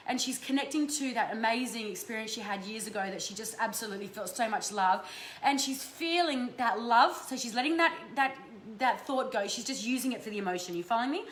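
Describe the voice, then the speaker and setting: Australian woman, higher voice, casual swearing host, echoey room, faint hiss. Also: a bit bright. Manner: casual, swears freely, affectionate with viewers. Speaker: host giving energy readings. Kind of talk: live-stream chat with viewers. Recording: roomy echo, faint background noise.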